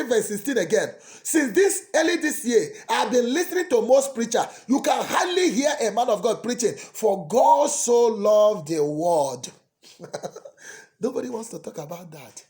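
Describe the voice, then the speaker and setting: A man, a priest preaching a sermon that swings dramatically between soft pleading and loud cries. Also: sits high.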